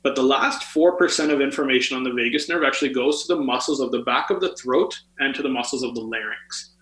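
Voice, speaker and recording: Bright-voiced man explaining health tips. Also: medium pitch, fast talker. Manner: explanatory, with many fillers. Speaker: guest health author. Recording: roomy echo.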